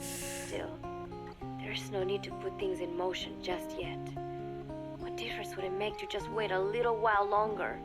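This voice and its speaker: An actress voicing a gentle, earnest young girl spy on a game cassette tape, speaking softly and formally without contractions. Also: mid-range voice, steady tone, normal speed, natural voice, low-quality recording. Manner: soft, formal, polite speech without contractions. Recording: game audio with music behind.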